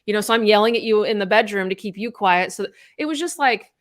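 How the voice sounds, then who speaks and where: A woman's voice: mid-range voice, fast. A middle-aged woman, a podcast co-host, telling a personal story in candid casual chat, blunt and swearing freely.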